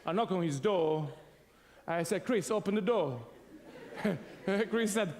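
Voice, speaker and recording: High-voiced preacher in a reverberant hall. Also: male voice, takes it slowly, noisy background. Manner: animated storyteller, laughs often, acts out sounds and voices. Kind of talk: sermon with a humorous personal story.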